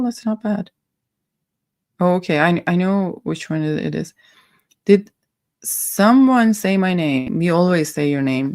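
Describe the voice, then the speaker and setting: A woman's voice: sits low, gravelly, darkish tone, no room sound. A woman hosting a casual perfume livestream, playful and a bit silly, giggling as she chats with viewers and muses over scents. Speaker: livestream host reviewing perfumes.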